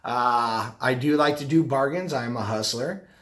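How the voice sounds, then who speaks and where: A man's voice: medium pitch, normal speed, a bit bright. A middle-aged man talking casually to the camera, rambling and repeating himself. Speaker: vlogger, carpet cleaner and business owner.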